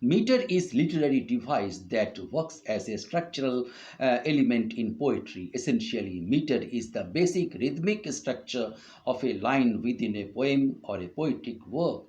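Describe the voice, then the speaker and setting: A middle-aged man with an Indian English accent giving an online university lecture on poetry, speaking slowly and often pausing on "uh". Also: mid-range voice, animated, mellow. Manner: slow, hesitant delivery with frequent "uh" fillers. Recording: dull lo-fi online class audio.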